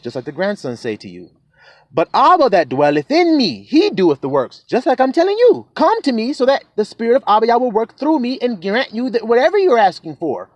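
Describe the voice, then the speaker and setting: Lively, preachy man giving a dry sermon. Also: high-pitched, no echo. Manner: preachy, keeps asking "see?", slows to a drawl on verses. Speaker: self-styled preacher. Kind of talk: sermon reading scripture with commentary.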